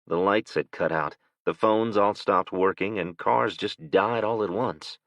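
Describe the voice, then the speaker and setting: A man narrating an audiobook in a steady, measured way. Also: on the low side, dry recording. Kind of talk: scripted narration. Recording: dull, dry lo-fi recording.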